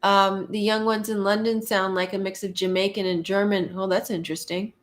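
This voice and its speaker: A woman from Canada hosting a casual live chat, reading viewer comments aloud and musing on them, laughing often and pausing with fillers. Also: medium pitch, little pitch movement.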